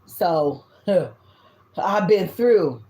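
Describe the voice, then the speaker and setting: A woman in her fifties with a Southern US accent, giving a tarot reading in loud, blunt, casual talk and swearing freely. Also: on the low side, lively intonation, very slow. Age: 50s. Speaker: tarot reader. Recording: echoey room.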